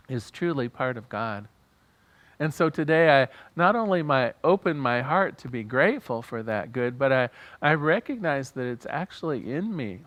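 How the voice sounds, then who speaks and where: A man ministering to a church congregation, leading them in prayer with earnest, fervent conviction. His voice sits at an ordinary middle pitch. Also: a bit bright. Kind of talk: sermon and prayer. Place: church service.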